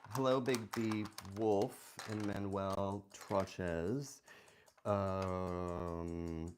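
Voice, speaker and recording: A woman hosts a puzzle livestream in a bass, darkish voice, taking her time. She chats casually and playfully, joking at her own expense and reading the chat aloud, over a little hiss or hum.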